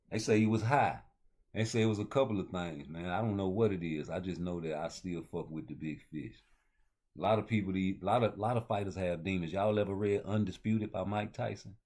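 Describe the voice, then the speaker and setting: Male host, very low voice, loose slangy boxing rant. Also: normal speed, a little mellow. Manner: loose, rambling street talk with heavy slang. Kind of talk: casual boxing commentary.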